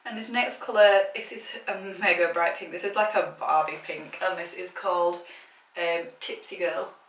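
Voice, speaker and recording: A woman's voice: on the low side, fairly even intonation, normal speed, fairly bright tone. A British woman vlogging casually about makeup, chatty and gushing, with lots of filler words. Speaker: beauty vlogger. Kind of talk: casual makeup swatching chat. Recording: echoey room, mic at a distance.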